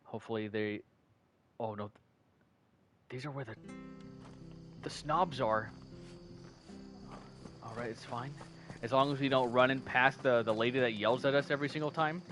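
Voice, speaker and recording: A man's voice: mid-range voice, moderate pace, pauses often, a bit bright. Chatty male gaming streamer. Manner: chatty, rambling, many fillers and restarts. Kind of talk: casual let's-play commentary. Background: game music.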